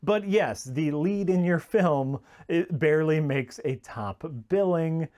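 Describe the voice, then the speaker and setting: A man with a somewhat raised voice critiquing a film on a podcast. He speaks in a measured, halting way, pausing on "uh" as he gathers his thoughts. His tone is dry and critical, in a casual chat. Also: a little high, darkish tone. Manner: measured, hesitant, with many "uh" pauses, dryly critical.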